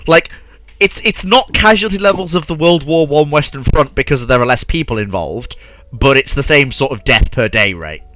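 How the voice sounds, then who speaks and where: A man's voice: mid-range voice, lively intonation, moderate pace, fairly bright tone, faint music behind. A man hosting a casual chat about alternate history, eager and restarting his sentences, full of fillers. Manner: eager, talks over himself, many fillers like "like". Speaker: podcast host.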